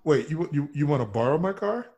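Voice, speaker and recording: Comedy podcast cohost guy, high lively voice, teasing his buddies. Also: brisk, dull audio. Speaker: podcast co-host. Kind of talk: casual comedic banter.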